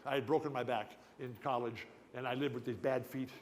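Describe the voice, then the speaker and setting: A man's voice: mid-range voice, fairly even intonation, brisk, a little hiss or hum. Older man with a stutter, echoing hall. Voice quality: lifelong stutterer. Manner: emphatic, folksy, jumps between tangents. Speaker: guest speaker at an awards dinner. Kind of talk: rambling storytelling speech. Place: banquet hall at a club dinner.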